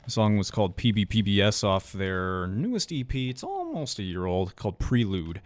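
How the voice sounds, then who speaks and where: A man's voice: fairly low pitch, very animated, moderate pace, no echo. A young man hosting a college radio metal show, chatting casually in a rambling, self-mocking way. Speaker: radio host.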